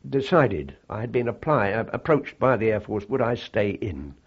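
Old guy remembering the war, kinda husky, stops and restarts a lot, muffled old tape sound. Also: lowish voice, very animated. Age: older. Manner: halting, reflective, with many fillers and restarts. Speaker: interviewee. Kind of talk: oral history recollection.

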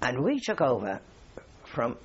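Older male veteran interviewee with a raspy, gravelly voice and a lively rise and fall, on a dull lo-fi recording. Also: mid-range voice, measured pace. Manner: rambling anecdotal storytelling, chuckles often. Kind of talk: oral history interview.

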